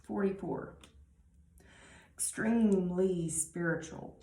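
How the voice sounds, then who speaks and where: A woman giving a tarot reading, talking slowly and musingly with many pauses and restarts. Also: lowish voice, reverberant. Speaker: tarot reader.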